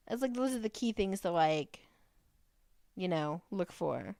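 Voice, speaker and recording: A woman's voice: medium pitch, lively intonation, unhurried, a little mellow, dry recording. A woman co-hosting a podcast in casual chat, reading bits from articles aloud and laughing easily. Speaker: podcast co-host.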